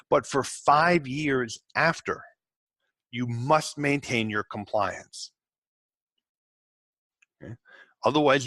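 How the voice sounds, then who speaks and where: A man hosting a podcast for tax professionals, telling candid work stories in a casual way, cursing now and then and acting out quick exchanges with his clients. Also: mid-range voice, a bit bright, no room sound. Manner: candid, swears, acts out clients in quick asides. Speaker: tax resolution podcast host. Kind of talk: casual storytelling to fellow practitioners.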